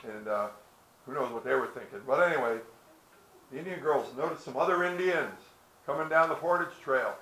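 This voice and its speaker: A man's voice: mid-range voice, a little fast, bright, forceful tone, roomy sound, rough recording. A man giving a history talk outdoors, telling stories in a folksy way and acting out the characters. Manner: storytelling, folksy, acts out characters with hesitations. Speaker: presenter.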